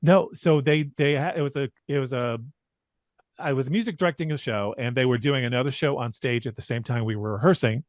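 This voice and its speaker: A man's voice: medium pitch, fairly quick. A man co-hosting a church podcast, telling a story and steering topics casually. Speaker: music director and podcast co-host.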